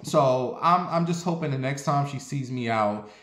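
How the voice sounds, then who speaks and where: He's a man in his forties who vents and tells stories in a blunt, sassy, profane way. His pitch sits in the middle range, and a roomy echo hangs around his voice. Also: normal speed, fairly bright tone. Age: 40s. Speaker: vlogger. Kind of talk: casual storytelling monologue.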